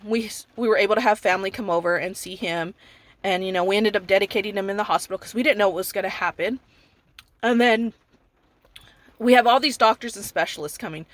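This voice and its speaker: A woman's voice: medium pitch, a bit bright, no echo. A woman in her thirties, a mother from California, giving an emotional personal testimony and retelling dialogue as she goes. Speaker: mother telling her son's story.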